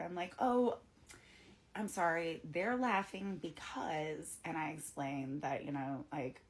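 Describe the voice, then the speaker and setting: Chatty low-voiced woman telling a story. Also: gravelly. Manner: chatty, animated quoting of others, lots of "like". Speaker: bartender. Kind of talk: casual storytime.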